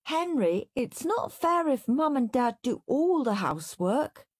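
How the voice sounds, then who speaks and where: A woman's voice: high voice, big pitch swings, measured pace, breathy edge, dry recording, clean studio sound, pitched above the performer's own voice, full character voice. A woman doing a prim goody-goody little boy. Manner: sweet, tattling.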